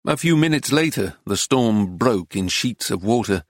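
A man's voice: lowish voice, no room sound. Man narrating an audiobook, dry sound. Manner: measured, even storytelling. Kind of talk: scripted narration.

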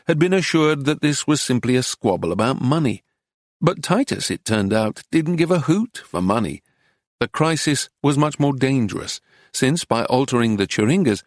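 A man reading a book aloud in measured, even storytelling narration into a close studio mic. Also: mid-range voice, dry recording. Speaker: audiobook narrator. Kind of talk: scripted narration.

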